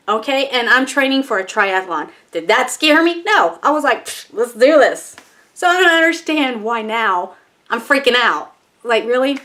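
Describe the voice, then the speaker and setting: A woman's voice: mid-range voice, fairly bright tone. A woman vlogging in a casual, chatty way, telling a personal story, acting out her own panicky thoughts and laughing at herself.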